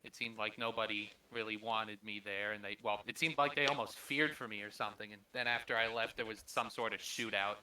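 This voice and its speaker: A man's voice: fairly low pitch, brisk, few pauses, pushed and bright, clean tone. A man playing in a tabletop game, recounting events in a hesitant way. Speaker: player. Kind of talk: casual game talk. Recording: distant from the mic.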